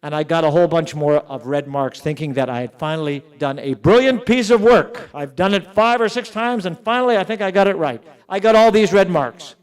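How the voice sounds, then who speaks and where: A middle-aged man giving a conference keynote, emphatic, slowing down and repeating words to stress his points. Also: on the high side, smooth. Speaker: keynote speaker at an education summit. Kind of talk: conference speech.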